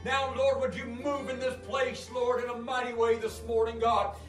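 A man preaching and leading a fervent prayer in a church, repeating invocations and building to shouts. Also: very high voice, flat delivery, normal speed. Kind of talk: sermon prayer. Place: church sanctuary. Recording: echoey church from far off with music. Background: guitar music.

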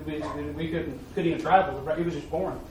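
Preacher in an echoey hall. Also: male voice, on the high side, quick pace. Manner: folksy, repetitive storytelling, rising to emphatic peaks. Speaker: preacher giving a mission report. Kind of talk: sermon storytelling. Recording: echoey hall, far-off mic, faint noise.

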